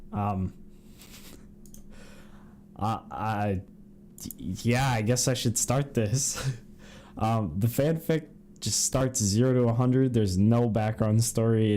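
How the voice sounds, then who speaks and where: Podcast co-host, man, giggly rambler, mellow low tone. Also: slight background noise. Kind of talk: casual chat, reading fanfiction aloud.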